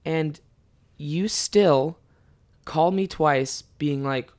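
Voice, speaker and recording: Twenty-something guy rambling solo on his podcast, swears a ton, goes quiet then suddenly loud. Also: on the high side, drawn-out words. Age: 20s. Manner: profane, ranting, swings between mumbling and loud outbursts. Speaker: podcast host and stand-up comic. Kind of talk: casual solo podcast chat.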